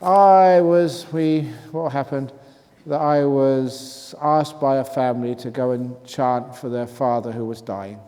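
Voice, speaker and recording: A man's voice: medium pitch, steady tone, takes it slowly, hardly any pauses, mellow. A man, a Buddhist monk teacher, answers retreat questions in a humorous talk, reading written questions aloud and chuckling often. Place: retreat meditation hall. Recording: reverberant hall with faint noise.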